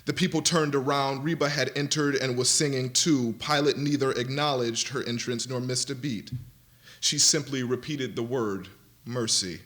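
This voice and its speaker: A man reads a literary passage aloud to a university audience with a dramatic, shifting delivery. He slows down and lingers on vivid images. He speaks at a middle pitch. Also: steady tone, a bit bright. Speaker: panelist reading aloud. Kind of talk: expressive literary reading. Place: university lecture event.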